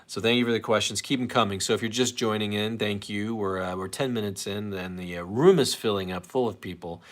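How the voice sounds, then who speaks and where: A man's voice: lowish voice, a little fast. A man hosting a casual live stream, rambling in a self-deprecating way as he reads viewer comments aloud. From St. Louis area, USA.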